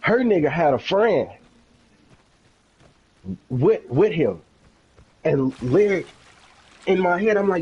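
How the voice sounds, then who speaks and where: A man's voice: high voice, lively intonation, slow pace, pauses often, darkish tone, slightly rough, highs cut off. A young man on a game stream, casually telling a long, profane story and acting out the quoted dialogue.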